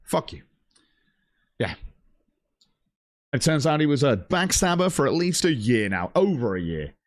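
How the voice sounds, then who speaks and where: A man's voice: medium pitch, sing-song, measured pace, no room sound, studio quality. A man ranting on a livestream, blunt and heavily profane, reading out chat messages. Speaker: streamer.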